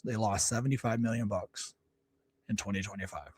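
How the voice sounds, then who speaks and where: A man's voice: lowish voice, normal speed, darkish tone, husky, no echo, clean studio sound. A man hosting a casual livestream, reading articles aloud and stopping often to reread and correct himself. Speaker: livestream host.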